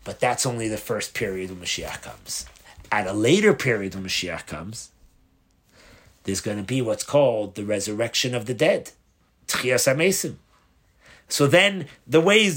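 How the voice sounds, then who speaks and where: A rabbi giving a spoken Torah lesson, explaining step by step, posing questions and answering them, often restarting and rephrasing mid-sentence. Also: male voice, mid-range voice, big pitch swings, normal speed, a bit bright. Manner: explanatory, asks and answers his own questions. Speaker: rabbi teaching a Torah class.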